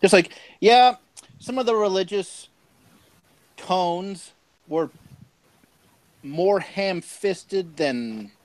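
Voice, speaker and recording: A man's voice: sits high, extremely slow, long pauses, no room sound, low-quality recording. A man on a podcast in casual chat, blunt and sarcastic with frequent swearing, talking from home. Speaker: podcast co-host. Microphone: home mic over internet.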